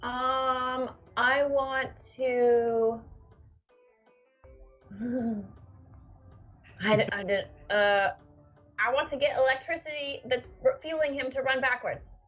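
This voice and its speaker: A woman's voice: high-pitched, slow pace, long pauses, fairly bright tone. A woman playing a tabletop game, talking tentatively and casually with lots of fillers. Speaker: player. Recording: dull lo-fi audio with faint music.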